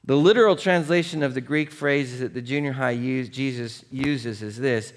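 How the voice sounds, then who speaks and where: A male pastor preaching in a mid-range voice. He moves between hushed, earnest reflection and lively, conversational storytelling, slipping into playful impressions. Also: mid-range voice, normal speed, hardly any pauses. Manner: soft, quiet and earnest in reflective passages. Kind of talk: sermon.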